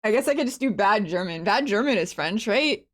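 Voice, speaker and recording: A woman's voice: medium pitch, lively intonation, a little fast. A woman streaming a story game from her home computer, chatting casually, laughing often and swearing freely. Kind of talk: casual live-stream commentary.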